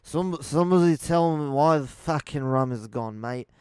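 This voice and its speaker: A man doing an impression of a drunken pirate captain, with a slurred British put-on accent, ranting loudly with swearing about missing rum. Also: a little high, normal speed, clear, resonant tone, no echo, studio quality, natural voice. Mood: outraged. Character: drunken male pirate captain, swaggering and indignant.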